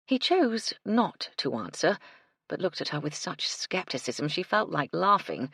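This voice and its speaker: A woman narrating an audiobook in a measured, expressive reading on a close mic. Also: low voice, vocal fry, slightly rough, no room sound. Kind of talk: scripted narration.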